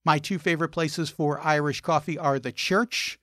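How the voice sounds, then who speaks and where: A man's voice: on the high side, steady tone, moderate pace, sharp tone, no echo, studio quality. A man hosting a travel and food show, narrating wry anecdotes in a scripted style.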